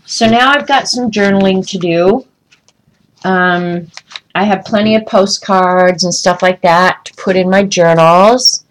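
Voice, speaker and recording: A woman's voice: medium pitch, unhurried, a little hiss or hum, rough recording. A woman chatting casually on a livestream from a room at home, rambling and talking to viewers by name. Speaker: vlogger showing travel souvenirs.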